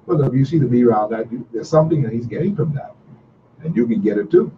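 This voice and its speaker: Middle-aged man, radio call-in host, folksy and repetitive, lively pitch, distant dull recording with hiss. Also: fast talker. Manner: animated, repetitive, folksy storytelling. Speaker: radio talk show host. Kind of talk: casual call-in radio talk.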